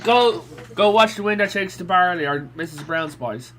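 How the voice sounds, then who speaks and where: An Irish man on a casual chat panel, teasing and quick to laugh. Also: high-pitched, a bit bright, slight background noise. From Ireland.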